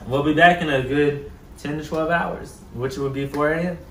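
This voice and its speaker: A man's voice: fairly high pitch, steady tone, normal speed, roomy sound, slight background noise. A young man vlogging his cooking at home, playful and chatty, talking straight to his viewers and laughing often. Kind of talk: casual cooking vlog. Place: home kitchen.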